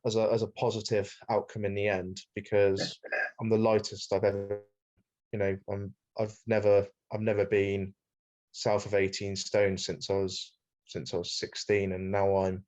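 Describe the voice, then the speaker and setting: A Welsh man talking as a podcast guest in casual chat, with a fairly monotone delivery and frequent "mate.". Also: lowish voice, normal speed. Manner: self-described monotone, chatty, says "mate" often. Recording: dull lo-fi sound.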